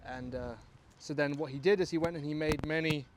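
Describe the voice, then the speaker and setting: A man's voice: on the high side, fairly even intonation, brisk, slight background noise. An English man with a posh accent, a filmmaker musing in a rambling, self-mocking vlog monologue recorded outdoors. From England. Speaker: filmmaker, vlogger.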